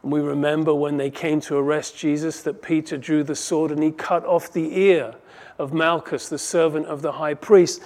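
Man preaching, kinda high voice with some gravel, goes from punchy to quiet. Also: flat delivery, normal speed. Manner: shifts from emphatic to hushed, reads scripture aloud. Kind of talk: expository sermon.

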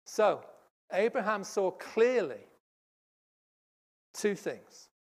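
A preacher delivering a sermon, stressing points loudly and then dropping to hushed asides. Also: medium pitch, very animated, extremely slow. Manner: emphatic, swings from loud stresses to hushed asides. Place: church service.

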